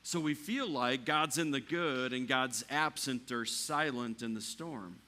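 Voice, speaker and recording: This church sermon comes from a pastor with a medium-pitched voice and a measured pace. His delivery swells almost to a shout at its high points and falls to a hush for the calm passages.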